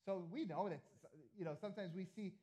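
A man preaching a sermon as pastor, swinging between loud emphasis and hushed asides, often repeating and restarting words. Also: high-pitched, a little fast.

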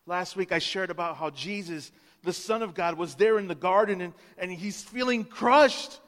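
Male pastor, high-pitched, impassioned sermon delivery, long hall reverb. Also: brisk. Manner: impassioned, swings from hushed to loud, acts out quotes. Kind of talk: Easter sermon.

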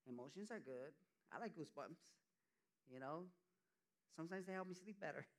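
A man's voice: a little high, animated, brisk. Man preaching a casual sermon. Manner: conversational preaching, acting out quoted voices. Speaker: church elder preaching.

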